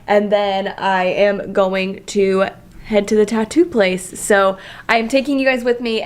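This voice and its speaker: A young woman rambling cheerfully to her camera in a casual vlog. Her talk is loose and excitable, packed with fillers and easy swearing, and she sits at a middle pitch for a woman. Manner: chatty, swears freely, filler-heavy, excitable. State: emotional, near tears. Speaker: vlogger.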